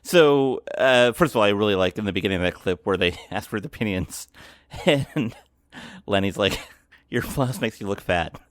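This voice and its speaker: A man co-hosting a podcast, chatting casually with lively trivia asides. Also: on the low side, normal speed, dry recording, studio quality. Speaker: podcast co-host. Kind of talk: casual chat.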